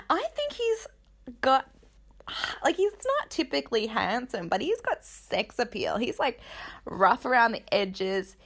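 A woman hosting a casual gossip commentary, candid and joking, with quick asides. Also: on the high side, very animated. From Australia. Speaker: podcast host.

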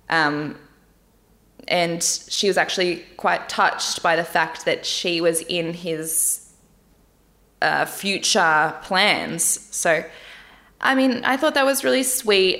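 A young woman talking candidly to her viewers, chatty and quick to laugh. Her voice sits slightly low for a woman, and her tone is loose and unguarded, with the odd casual swear word. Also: fairly bright tone. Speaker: vlogger reviewing a dating show. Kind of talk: casual chat.

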